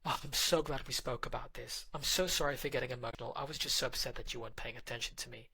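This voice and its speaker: A man voicing an emotional adult girlfriend, speaking softly and pleadingly in a raised voice. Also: medium pitch, fairly even intonation, fast, creaky. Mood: relieved. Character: hurt then soothed adult girlfriend, emotional.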